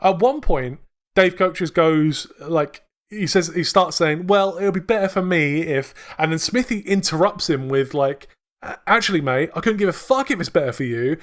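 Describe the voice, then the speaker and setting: A man's voice: fairly high pitch, moderate pace, a bit bright. A man co-hosting a podcast, chatting casually with enthusiasm, swearing and laughing often. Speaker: podcast co-host.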